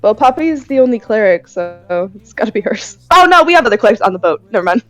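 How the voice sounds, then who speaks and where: An excitable woman player chatting at a tabletop game. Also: fairly high pitch, fast, soft background music. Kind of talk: casual chat at a tabletop game.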